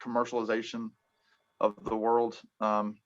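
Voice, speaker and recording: A man hosting a casual music chat, talking in halting bursts full of ums and restarts. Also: on the low side, monotone. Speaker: podcast host. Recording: dull lo-fi sound.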